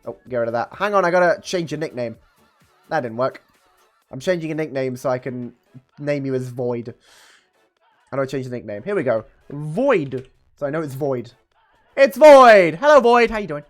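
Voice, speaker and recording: A man's voice: medium pitch, normal speed, long pauses, soft background music. A man hosting a livestream, chatting casually and teasing his guest while reading chat. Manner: playful, teasing, reacts to chat. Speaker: streamer host.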